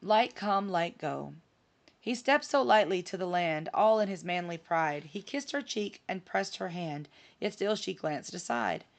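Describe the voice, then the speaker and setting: A woman reading rhymed poems aloud in a steady, rhythmic recital. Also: fairly low pitch, unhurried, vocal fry. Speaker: reader.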